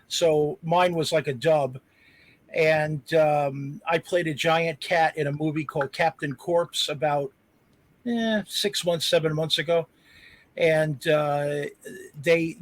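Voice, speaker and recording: A man who acts, chatting casually on a panel in a self-deprecating, rambling way. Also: a little high. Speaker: actor guest on a panel.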